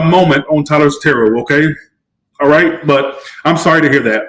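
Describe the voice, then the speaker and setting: A man's voice: a little high, moderate pace, fairly bright tone, poor audio. A man giving a casual live-stream tarot reading, chatty and emotional, swearing freely. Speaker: tarot reader.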